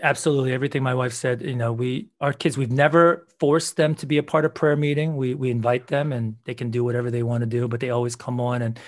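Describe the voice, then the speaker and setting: A man's voice: medium pitch, level tone, quick pace, few pauses. A man, a guest in an interview, telling a personal story earnestly, with frequent restarts.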